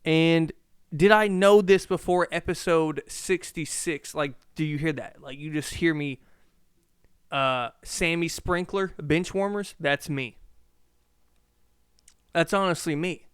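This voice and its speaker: A young man with a slight lisp hosts his own podcast in a loose, rambling way. He keeps asking himself questions and swearing casually. His voice sits a little high and sounds very smooth and crisp, recorded dry and close. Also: steady tone, takes it slowly, dry recording. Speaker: podcast host.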